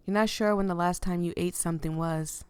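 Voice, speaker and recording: A woman's voice: fairly low pitch, fairly even intonation, brisk, darkish tone, clean tone, dry recording. A woman hosting her channel, reading a visual novel aloud and stopping to react with feeling between the lines. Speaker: channel host reading interactive stories.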